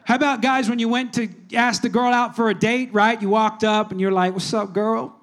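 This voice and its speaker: A male pastor giving a casual, conversational sermon in a church, moving between hushed prayer and animated storytelling. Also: extremely high pitch, brisk.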